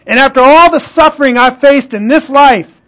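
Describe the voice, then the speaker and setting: Preacher doing repentant ancient sufferer, earnest, pleading, high man's voice. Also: normal speed, a bit bright, poor audio.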